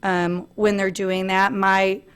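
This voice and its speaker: A woman in her thirties giving an earnest personal presentation at a family meeting, pausing often on "um". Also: mid-range voice, level tone, fairly bright tone, clean tone. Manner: earnest, frequent "um" fillers, light laughs.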